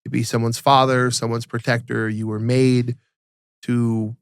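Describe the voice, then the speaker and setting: A man co-hosting a casual podcast, telling stories animatedly and acting out quotes in a higher voice, often repeating and restarting words. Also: little pitch movement, a little slow, clean tone, dry recording, studio quality. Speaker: podcast co-host.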